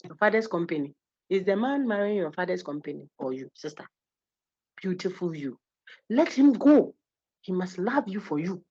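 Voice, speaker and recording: A woman giving a university lecture, animated and teasing, acting out little quotes as she goes. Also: fairly low pitch, normal speed. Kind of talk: lively classroom lecture. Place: lecture hall. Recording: husky, dull lo-fi lecture recording.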